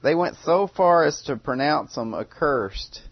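A man's voice: fairly high pitch, animated, a little slow, breathy edge, no room sound, lo-fi sound. A man preaching a sermon in a conversational way, often repeating phrases and restarting.

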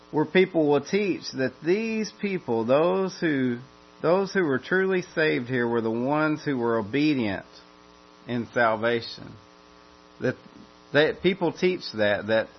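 A man preaching an expository sermon, earnest, often restarting and repeating phrases as he builds emphasis. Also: mid-range voice. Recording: dull lo-fi sound with mains hum.

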